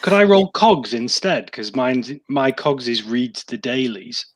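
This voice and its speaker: A male player at a tabletop game, asking hesitantly whether he can use a different roll. His voice is at an ordinary, middling pitch, and his questions come out tentative. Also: unhurried. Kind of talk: casual tabletop play.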